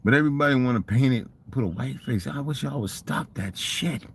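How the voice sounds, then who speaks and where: A man's voice: medium pitch, brisk, a little hiss or hum. An older man telling rambling, profane stories in a casual monologue and asking rhetorical questions. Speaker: vlogger.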